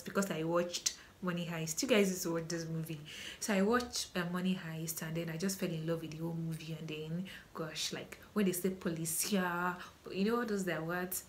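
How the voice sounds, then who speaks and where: A woman's voice: fairly low pitch, a little hiss or hum. A young Nigerian woman with a Nigerian accent, chatting casually through a Q&A vlog with many ums and restarts. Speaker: vlogger.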